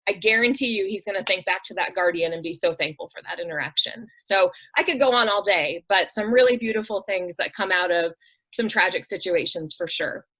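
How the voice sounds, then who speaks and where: Her voice sits at medium pitch, brisk, bright and somewhat pushed, captured on a rough recording. As an interview-show guest who runs a nonprofit, she tells heartfelt stories conversationally and with real earnestness, often dropping "um" and "like" and performing other people's voices when she quotes them.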